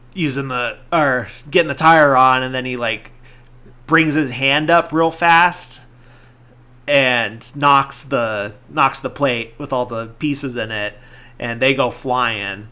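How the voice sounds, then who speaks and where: A man with a bright, forward voice retells a film in a loose, chatty podcast style. He talks at a middle pitch and piles on fillers and restarts as he walks through the scenes. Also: slow. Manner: rambling, filler-heavy retelling with acted-out quotes. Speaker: podcast host. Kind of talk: casual movie recap chat.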